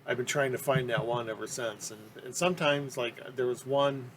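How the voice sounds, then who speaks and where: Everyday man of middle pitch, chatty collector, rambly and keen, lots of ums, faint background hiss. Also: fairly even intonation, normal speed. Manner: rambling, with many ums and restarts; enthusiastic. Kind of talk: casual interview talk.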